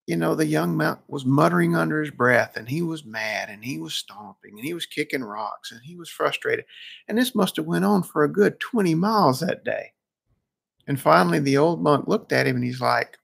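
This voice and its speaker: A male counselor talks in a reflective way and often restarts his sentences. His voice is heavily gravelly and husky. He tells a story and draws the lesson from it. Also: mid-range voice, moderate pace.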